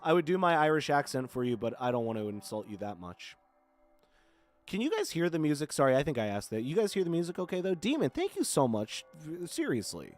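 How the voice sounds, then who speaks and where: A man's voice: a little high, huge pitch swings, fairly quick. A man in his twenties from Florida, chatting casually with viewers on a live stream, rambling and thanking people often. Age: 20s. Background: faint horror music.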